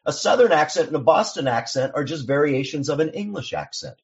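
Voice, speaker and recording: Measured male guest on a lo-fi line. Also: fairly high pitch, animated. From Seattle, US. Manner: measured, explanatory, with frequent restarts. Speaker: songwriter guest. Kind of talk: casual interview chat.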